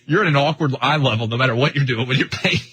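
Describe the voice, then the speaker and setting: A man's voice: mid-range voice, racing, a bit bright, a little hiss or hum, poor audio. A man hosting a sports talk radio show, bantering and firing off joking questions. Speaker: radio host.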